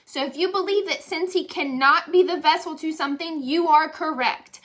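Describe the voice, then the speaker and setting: A woman's voice: high voice, moderate pace, fairly bright tone. A young woman giving a candid, emotional motivational testimonial, chatty and saying y'all. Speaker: direct sales leader.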